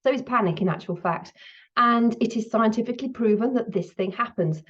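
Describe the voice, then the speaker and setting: Middle-aged woman, health talk host, candid and chatty, slightly shaken, breathing high, muffled lo-fi sound. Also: brisk, a bit bright. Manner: chatty, candid, laughs now and then. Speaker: menopause video host. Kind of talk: casual talk to camera.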